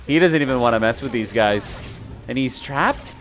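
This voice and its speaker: A man's voice: mid-range voice, unhurried, fairly bright tone, soft background music. A man casting a video game match live, calling plays and joking casually between them. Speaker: esports caster. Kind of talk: live play-by-play commentary.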